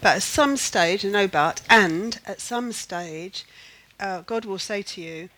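A woman's voice: mid-range voice, measured pace, a bit bright, poor audio. An older woman leading a Bible study, teaching in an earnest, emphatic way and repeating phrases to drive her point home.

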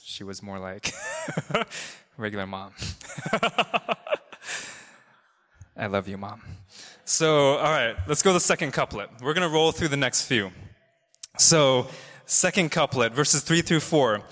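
A man's voice: medium pitch, a bit bright. A man preaching a casual storytelling sermon, chatty and loose, with lots of fillers and restarts. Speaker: pastor. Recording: long reverb of a large hall.

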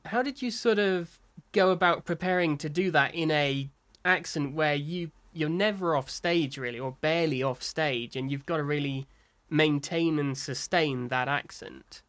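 An interviewer puts questions to actors at an even, middle pitch. The speech is measured and slightly hesitant, with small fillers as each question takes shape.

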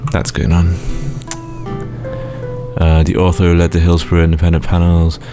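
Man, very low voice, rambling comic news bit, guitar music playing behind. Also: completely flat delivery, moderate pace. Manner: rambling, hesitant with fillers. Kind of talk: comedic deadpan news rundown.

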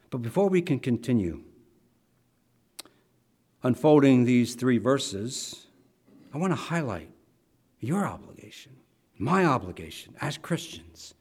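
A man's voice: mid-range voice, very animated, a little slow, pauses often, a little mellow, slightly rough. A man preaching a sermon in a conversational way, with restarts and asides, dropping almost to a whisper when he quotes scripture and rising again. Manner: varies volume widely, drops to near whisper for quotes. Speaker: pastor.

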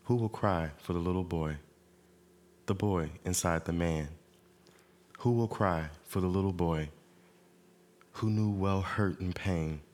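A man acting out a troubled young man who slowly reads his own poem aloud. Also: sits low, a little mellow. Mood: earnest.

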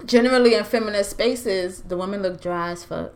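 A woman's voice: medium pitch, brisk. A woman co-hosting a casual chat, thoughtful and candid, explaining her views at length.

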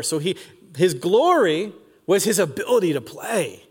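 High-voiced preacher man in a reverberant hall. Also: expressive, normal speed, slightly rough. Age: 40s. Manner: casual, slangy storytelling with lots of "like" and "dude". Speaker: pastor. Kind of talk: sermon. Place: church auditorium. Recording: long reverb of a large hall.

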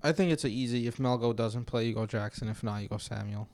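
A man's voice: medium pitch, fast, darkish tone. A young man co-hosting a podcast, teasing and argumentative in casual chat. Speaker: podcast co-host.

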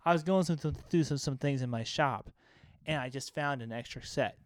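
A man co-hosting a podcast in casual chat, telling animated stories and swearing freely. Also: medium pitch, moderate pace, no echo, clean studio sound. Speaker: podcast co-host.

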